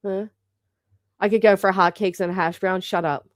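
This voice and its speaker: A woman's voice: medium pitch, fairly even intonation, normal speed, dry recording. Brash woman teasing her chat, dry sound. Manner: brash, chatty, swears freely, teasing viewers. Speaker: livestream host. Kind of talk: casual live-chat banter.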